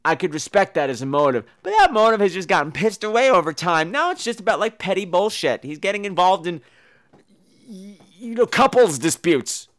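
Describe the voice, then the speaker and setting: Sarcastic high-voiced man ranting. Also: expressive, a little fast, a bit bright. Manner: sarcastic, swears freely, mimics people. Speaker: podcast host reviewing films. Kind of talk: profane comedic rant.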